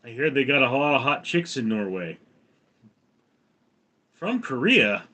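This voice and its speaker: A man's voice: medium pitch, big pitch swings, a little slow, pushed and bright. Rambling man chatting on a livestream. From United States. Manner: rambling, reads viewer comments aloud and chats back. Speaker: livestream host. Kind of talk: casual livestream chat.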